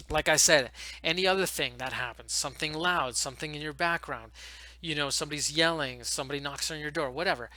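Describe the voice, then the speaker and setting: A man and online English teacher giving fast, animated, casual advice to new teachers, talking into a headset from home. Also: fairly high pitch.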